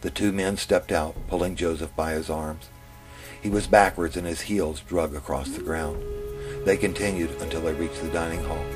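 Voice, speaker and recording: A man telling his own memoir in the first person, in a plain, steady way. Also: low voice, normal speed. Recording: music playing under the narration.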